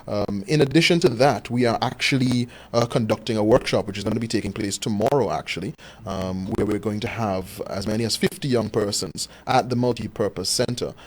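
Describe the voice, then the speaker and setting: Low-voiced man promoting an event. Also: brisk. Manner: fluent, informative, good-humoured. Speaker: communications officer, guest. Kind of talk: radio interview. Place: radio studio.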